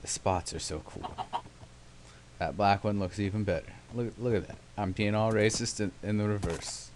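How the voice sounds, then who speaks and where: A man's voice: lowish voice, fairly even intonation, moderate pace, noisy background. A young man casually narrating his gameplay, rambling with sarcastic, self-mocking asides. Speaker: let's play host.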